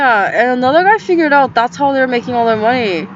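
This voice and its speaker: A young woman with a high voice rambles and rants, full of "like" fillers and agitated asides. The audio is slightly dull and lo-fi, with a faint hiss of noise behind her. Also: animated, brisk. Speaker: vlogger. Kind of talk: rambling casual monologue. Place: in a tent.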